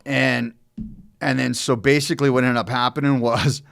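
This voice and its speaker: A man in middle age chats on a podcast, spinning a long, rambling tale. His talk is loose and profane, and his voice sits at an ordinary middle pitch. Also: flat delivery, moderate pace, creaky, fairly bright tone. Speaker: podcast co-host telling a story. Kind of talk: casual storytelling chat.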